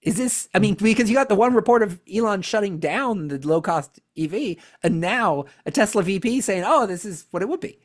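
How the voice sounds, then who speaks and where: A podcast co-host in a casual chat, sarcastic and quick to laugh. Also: medium pitch. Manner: animated and sarcastic, laughs often.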